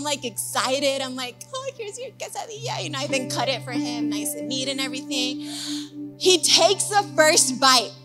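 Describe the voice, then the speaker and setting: A woman preaching a sermon, telling a personal story in a lively, chatty way and checking in with listeners. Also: sits high. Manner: animated, chatty, asks the crowd with "okay?" and "guys".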